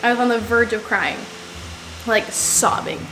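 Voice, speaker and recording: Over music, a young woman with a fairly high voice speaks in an unhurried way. As a vlogger, she shares a personal story to the camera, casual and meandering, with "like" in nearly every sentence.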